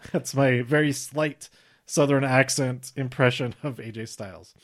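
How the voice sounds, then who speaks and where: A man's voice: mid-range voice, fairly even intonation, unhurried. A young man hosting a casual solo podcast, rambling and chatty with lots of fillers and little laughs. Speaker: podcast host reviewing wrestling shows.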